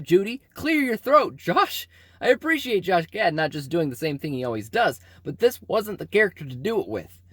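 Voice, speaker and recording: Guy doing a scripted movie review, voice swinging up and down a lot, pretty dry sound. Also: no echo. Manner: animated, emphatic delivery with big pitch swings. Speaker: film reviewer and channel host.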